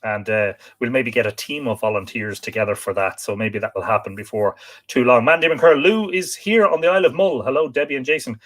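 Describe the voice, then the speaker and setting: An Irish man hosts a casual live stream and welcomes viewers one at a time from the comments. He talks in an easygoing way, with plenty of hesitations and little repeated starts. His voice sits at an ordinary middle pitch for a man. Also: a little fast. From Ireland. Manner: reads out viewers' names and greets them warmly, with frequent hesitations.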